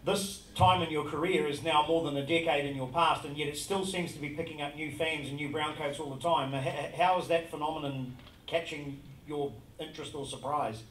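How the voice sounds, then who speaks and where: A man's voice: fairly high pitch, fairly even intonation, fairly quick, a bit bright, slight background noise. A man moderating a convention panel, stumbling a little over his question. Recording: echoey hall, far from the mic.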